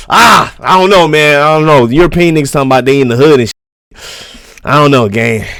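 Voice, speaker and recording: A man's voice: on the high side, fairly bright tone. A man streamer reacting live to videos, talking in a loose, slangy and profane way with frequent asides to his viewers.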